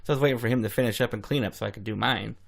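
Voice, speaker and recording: A man's voice: mid-range voice, very fast, vocal fry. A man co-hosting a casual podcast, answering in a laid-back, easygoing way. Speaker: podcast co-host.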